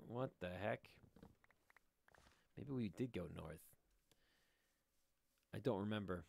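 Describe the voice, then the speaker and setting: A man's voice: fairly low pitch, slow pace, creaky, a little mellow, a little hiss or hum. A middle-aged man giving casual, rambling let's-play commentary from a room at home, joking and talking to his viewers as he plays. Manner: rambling, jokey, talks to viewers while playing. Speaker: gaming video host.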